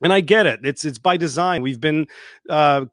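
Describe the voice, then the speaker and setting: An online show host delivers an unscripted livestream monologue, emphatic and repetitive, swearing freely and mocking people in put-on voices. His voice is on the high side and fairly bright at normal speed, recorded with studio quality and no echo.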